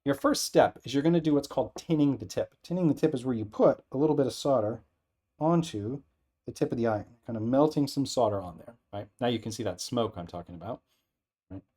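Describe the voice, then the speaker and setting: Casting note: male instructor at a workbench, casual and unhurried, mid-pitched everyday voice, talks through each step as he does it. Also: breathy edge. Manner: relaxed, thinking aloud, frequent "right?" checks. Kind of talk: casual hands-on demonstration. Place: workbench with an air filter running.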